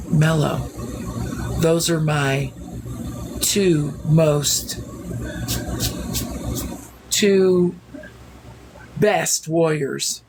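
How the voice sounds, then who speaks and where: A woman voicing a proud adult woman chief who welcomes travelers, spoken in a slow, formal storytelling way. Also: sits low, noisy background, full character voice.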